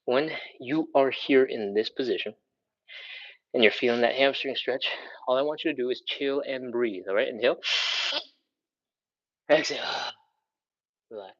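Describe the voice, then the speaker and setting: Breathless, encouraging male fitness instructor, mid-pitched, muffled lo-fi livestream audio. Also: moderate pace, fairly bright tone. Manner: upbeat, encouraging, counts reps aloud. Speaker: live stretching instructor. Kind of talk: live workout instruction.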